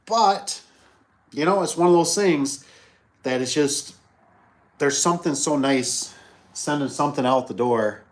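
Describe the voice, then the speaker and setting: A man's voice: a little high, a little slow, pauses often. A middle-aged man who runs a business, chatting casually on a livestream, rambling through stories, repeating phrases and acting out the people he quotes. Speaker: business owner hosting a livestream.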